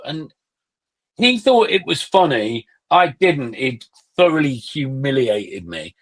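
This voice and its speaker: A man's voice: medium pitch, takes it slowly, husky. Middle-aged man telling sweary anecdotes. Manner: animated anecdotes, swears freely. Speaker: podcast guest, musician. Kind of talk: casual conversational storytelling.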